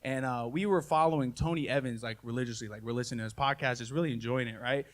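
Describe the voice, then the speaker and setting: A man's voice: medium pitch, steady tone, fast talker. A man in his thirties doing live stand-up comedy, telling family stories in a folksy, self-mocking way full of "y'all" and "man.". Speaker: stand-up comedian and podcast host. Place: live comedy show before an audience.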